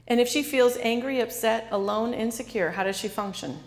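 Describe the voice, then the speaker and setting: A woman's voice: a little high, a little fast, in a large hall. A woman author giving an interactive talk to a live audience, quizzing the listeners and repeating their answers back. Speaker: author and speaker.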